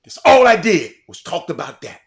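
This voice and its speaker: An older man with a drawl delivers a heated monologue as a show host, his fairly high voice leaping all over its range. He repeats words and swings from loud outbursts to quiet musing. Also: very animated, moderate pace. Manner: fiery, repetitive, swinging from shouting to quiet. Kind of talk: impassioned monologue.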